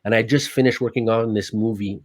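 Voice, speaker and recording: Animated, swearing man telling stories. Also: on the low side, a little fast, no echo. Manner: animated, swears often, acts out his own lines. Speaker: stuntman guest. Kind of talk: casual storytelling.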